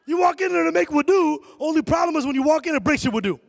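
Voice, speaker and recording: A middle-aged man doing a stand-up comedy set in a large concert hall, animated and shouting his punchlines. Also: extremely high pitch, fast, gravelly.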